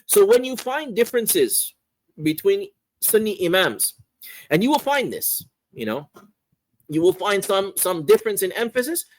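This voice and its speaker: A man teaching a religious course, explaining a text in an unhurried lecture and often repeating phrases and asking "right?". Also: high-pitched, very animated, slight background noise, poor audio. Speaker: Islamic scholar teaching a course.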